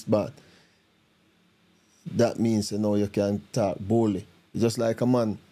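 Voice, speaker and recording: A man with a Jamaican accent reacting to video clips in casual commentary, talking in animated, repetitive patois with many restarts. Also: lowish voice.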